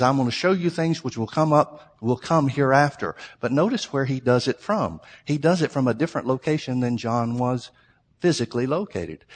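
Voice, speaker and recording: A man's voice: mid-range voice, in a large hall. A man preaching a sermon, teaching through a Bible passage in a conversational way and asking rhetorical questions.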